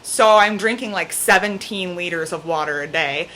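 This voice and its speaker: A young woman vlogging at home, telling a story in a chatty, animated way, saying "like" often, with her cat on her lap. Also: lowish voice, normal speed, a little hiss or hum. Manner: chatty, peppered with "like", animated retelling. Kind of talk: casual storytelling to camera.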